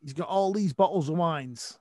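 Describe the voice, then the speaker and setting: A man hosting a casual podcast chat, leaning into a long retold anecdote. His voice is slightly high, and the recording sounds dry and close, with no room echo. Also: moderate pace, warm tone. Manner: conversational, retelling a story with quoted speech. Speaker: podcast host.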